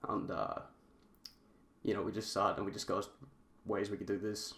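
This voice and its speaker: A man's voice: fairly low pitch, level tone, normal speed, creaky, a bit bright. A young man casually telling a story to his viewers, rambling and often calling them guys. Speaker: vlogger. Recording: roomy echo, faint background noise.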